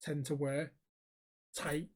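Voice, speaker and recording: A man co-hosting a podcast, telling a story in casual chat, animated and swearing freely. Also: fairly high pitch, takes it slowly, breathy edge. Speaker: podcast co-host.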